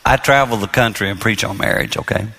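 A man's voice: fairly low pitch, fast, pushed and bright, husky, in a large hall. A middle-aged man preaching on marriage, telling stories with self-deprecating humor that turn earnest. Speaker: marriage speaker and minister. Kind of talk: storytelling sermon.

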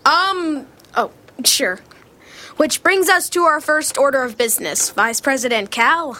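A bossy kid club president in a radio drama, announcing things with self-important formality. The voice is high and bright, with a sharp, forceful edge. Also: female voice, lively intonation, measured pace, exaggerated voice. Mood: deflated.

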